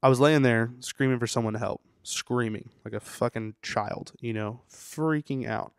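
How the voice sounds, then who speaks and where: A man's voice: medium pitch, moderate pace, dry recording, clean studio sound. A young man, a tattooer, telling a story in a rambling, profane way full of "you know" on a podcast. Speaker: tattooer guest. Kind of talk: casual storytelling interview.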